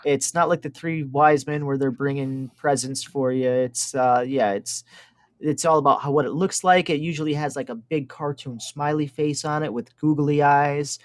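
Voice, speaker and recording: A man co-hosts a podcast in a somewhat high voice. He rambles and hesitates as he explains. The recording is dry and close. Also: fairly even intonation, normal speed, no echo. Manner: rambling, lots of ums. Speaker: podcast co-host. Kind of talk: casual banter.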